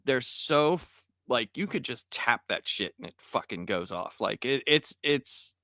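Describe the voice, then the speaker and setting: A man from West Virginia chatting casually on a podcast, telling stories in an animated way and swearing freely. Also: mid-range voice, measured pace, no echo, clean studio sound. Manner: profane, animated storyteller. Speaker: podcast co-host. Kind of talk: casual chat.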